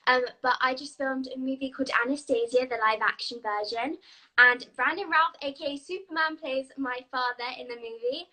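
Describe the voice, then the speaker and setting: A woman's voice: high voice, normal speed, bright, forceful tone, rough recording. A young woman, an actress, answering interview questions in an eager, upbeat way. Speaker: actress guest.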